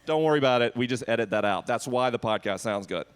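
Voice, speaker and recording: A man's voice: medium pitch, expressive, fast, a little hiss or hum. A man hosting a live podcast Q&A on an outdoor festival stage, joking and self-deprecating with the crowd. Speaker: podcast host.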